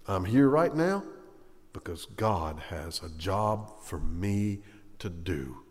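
A male preacher giving a sermon, swinging between loud, emphatic lines and hushed, slow ones. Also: fairly low pitch, long reverb tail.

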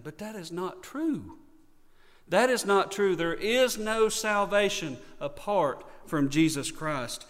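A man's voice: sits high, expressive, measured pace, long reverb tail. A man from North Carolina with a Southern accent, preaching a sermon earnestly and repeating key points for emphasis. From North Carolina, USA. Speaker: pastor.

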